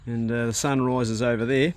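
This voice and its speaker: A man's voice: mid-range voice, level tone, moderate pace. A man with a New Zealand accent chatting casually as he walks around his rural homestead, filming on a handheld camera. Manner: chatty, matter-of-fact, casual swearing. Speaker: vlogger. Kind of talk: casual narration while working outdoors.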